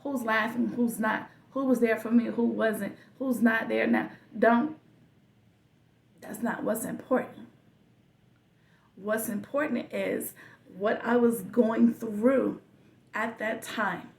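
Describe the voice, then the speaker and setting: A woman hosting a podcast, telling a personal story in a slow, reflective way with soft whispered asides. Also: a little high, fairly even intonation, vocal fry, distant mic. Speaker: podcast host. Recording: echoey room, voice a bit off-mic.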